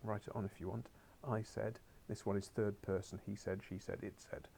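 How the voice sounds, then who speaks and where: A man's voice: fairly low pitch, flat delivery, normal speed, gravelly, mellow, breathy edge. A man teaching a beginners' Spanish class, coaxing his pupils along with wry asides and muttered whispers, heard in a school classroom.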